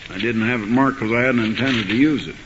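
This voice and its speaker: A man preaching a sermon, telling a story and reading scripture, building to forceful emphasis on key words. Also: mid-range voice, brisk, noisy background. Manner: rising to forceful emphasis when quoting scripture. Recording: dull archival recording in a hall.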